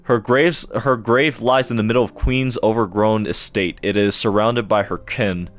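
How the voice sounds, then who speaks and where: A young man reading a game's lines for a solemn female bug knight, haltingly, in formal archaic phrasing. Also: lowish voice, fairly even intonation, soft background music, close to an everyday voice.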